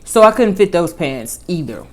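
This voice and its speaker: A woman vlogger tells a personal story in casual chat at a moderate pace. She's animated, her pitch and volume swinging lively.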